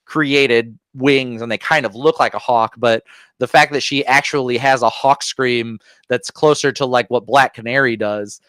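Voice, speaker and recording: Opinionated man ranting with smooth voice. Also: medium pitch, fairly even intonation, moderate pace, a bit bright, no room sound. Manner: opinionated, ranting with frequent fillers. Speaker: podcast co-host. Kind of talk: casual movie review chat.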